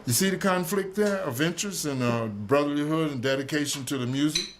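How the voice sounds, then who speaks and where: Elderly jazz musician, profane streetwise yarn-spinner, echoey room. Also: male voice, fairly high pitch, brisk, background noise. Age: 70s. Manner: streetwise, profane, keeps asking "you dig?". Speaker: jazz musician telling his history. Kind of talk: storytelling recollection. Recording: roomy echo with faint music behind.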